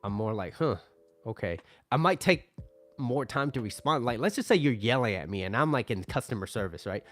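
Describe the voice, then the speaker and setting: Casual advice guy, mid-pitched man, chatty and loose, soft music underneath. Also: animated, a little fast. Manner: loose and conversational, tags lines with "right?"; acts out angry customers in mock voices. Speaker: relationship advice creator.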